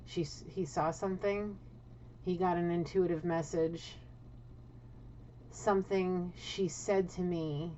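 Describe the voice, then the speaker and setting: A woman's voice: lowish voice, steady tone, takes it slowly, long pauses, dark tone, a little hiss or hum. A woman giving a casual spiritual tarot reading, blunt and swearing, often checking in with "okay?". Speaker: tarot card reader. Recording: dull lo-fi audio.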